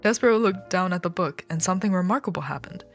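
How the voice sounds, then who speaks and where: Woman streamer reading a kids book out loud, cracks jokes and swears, lowish voice, faint music behind. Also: animated, quick pace. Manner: joking asides, laughs, swears casually. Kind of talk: reading a children's book aloud on a live stream.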